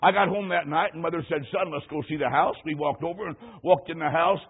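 A high-voiced, husky male preacher delivers an emphatic sermon, spinning a personal story and building to loud peaks. The sound is thin and tinny, like an old radio broadcast. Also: quick pace.

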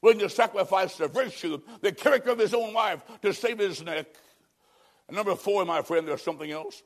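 A male preacher delivering an evangelistic sermon, swinging between loud emphatic lines and hushed, near-whispered endings. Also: high-pitched, a little fast.

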